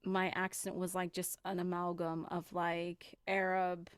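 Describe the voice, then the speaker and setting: Woman hosting a podcast, kinda low voice, tells stories all animated, acts out quotes, super dry sound. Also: unhurried, clear, resonant tone, no echo. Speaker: podcast host. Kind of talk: casual conversation.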